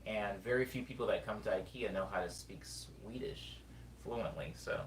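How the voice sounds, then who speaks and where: A man's voice: on the low side, moderate pace, a little hiss or hum. A man rambling casually between songs on a livestream, telling stories in a self-deprecating way. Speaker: streamer and musician. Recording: roomy room, distant mic, loud guitar.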